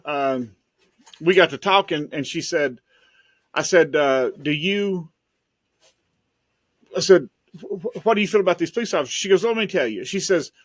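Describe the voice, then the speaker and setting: Rambling male storyteller, a private investigator, slightly high voice, dry studio mic. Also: no room sound. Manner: rambling, repeats words while telling stories. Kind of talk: casual podcast storytelling.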